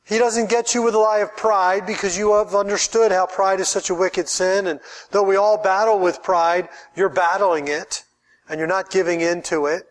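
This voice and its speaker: A man's voice: high voice, steady tone, moderate pace. A man, a pastor, preaching a sermon in an earnest way, often repeating words as he builds his point.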